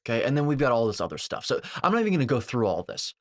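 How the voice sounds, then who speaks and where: A man's voice: mid-range voice, big pitch swings, rapid-fire, no room sound, studio quality. A man giving a dismissive, combative reaction commentary, packed with technical jargon and occasional swearing.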